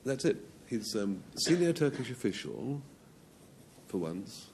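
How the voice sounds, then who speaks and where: A man's voice: medium pitch, very animated, creaky, darkish tone, slight background noise. A man captaining a team on a TV panel game, playfully drawing out a comic definition. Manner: playful, drawn-out, self-amused.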